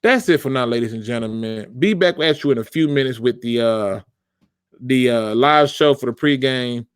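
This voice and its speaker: A man's voice: medium pitch, normal speed, smooth, no room sound, clean studio sound. A man hosting a football fan channel, talking in a casual commentary rant, emphatic and informal, repeating his phrases for effect.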